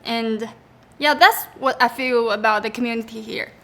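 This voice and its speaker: A woman from China with a Chinese accent, introducing her instrument in a hesitant, casual way with many pauses. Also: a little high, pushed and bright. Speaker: pipa musician.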